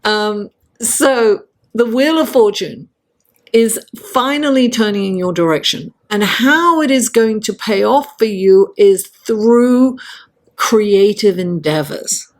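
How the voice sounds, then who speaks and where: A woman giving a chatty, encouraging tarot reading straight to her viewers, laughing often and speaking in a lively, motivational way. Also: medium pitch, slow pace. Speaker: astrology and tarot reader. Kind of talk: casual tarot reading to camera.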